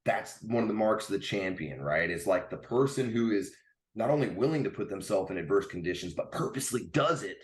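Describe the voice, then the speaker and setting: A man's voice: on the low side, expressive, a little fast. A man hosting a golf podcast, talking casually and emphatically, often tagging his points with "man" and "right.". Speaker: podcast host. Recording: roomy echo.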